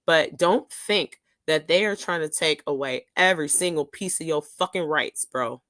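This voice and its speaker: A woman co-hosting a casual podcast, sick and coughing, ranting in a profane, animated way. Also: deep voice, moderate pace, dry recording. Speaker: podcast co-host.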